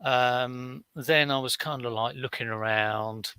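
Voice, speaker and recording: A man's voice: medium pitch, steady tone, takes it slowly, sharp tone, clean tone, no room sound. A man, chatting casually on a live stream as a reseller, rambling through stories with many fillers and restarts. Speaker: reseller vlogger.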